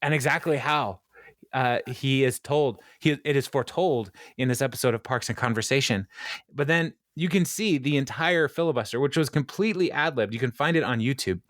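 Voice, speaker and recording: A man co-hosting a podcast talks casually through a sitcom episode, slipping in playful jokes. He has a middle-pitched voice that sounds dry and close on the mic. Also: fairly quick, no room sound. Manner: playful, jokey asides, dips into mock voices. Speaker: podcast co-host.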